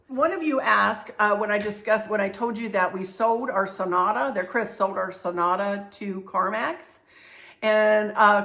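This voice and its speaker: A woman's voice: mid-range voice, vocal fry, fairly bright tone. A middle-aged woman hosting her own vlog, talking casually in a chatty, rambling way with many restarts. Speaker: channel host.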